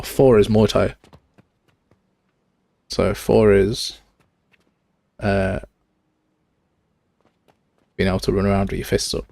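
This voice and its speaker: A man's voice: fairly low pitch, creaky, a little mellow, no echo. Young man, game dev streamer, casual and chatty, dry close mic. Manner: casual, chatty, answers chat, uses mate and pal. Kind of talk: live coding stream chat.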